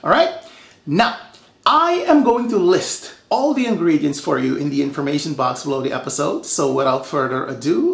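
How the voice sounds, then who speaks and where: A man from Suriname hosting a home cooking show, telling stories in a lively, chatty way. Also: fairly high pitch, normal speed, vocal fry, reverberant. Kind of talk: casual cooking show talk.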